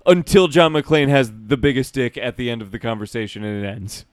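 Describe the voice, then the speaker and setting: Podcast co-host, man, smooth clear voice, dry sound, wry jokes. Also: mid-range voice, animated, fairly quick, no echo. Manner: wry, jokey, swearing asides. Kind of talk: casual movie review chat.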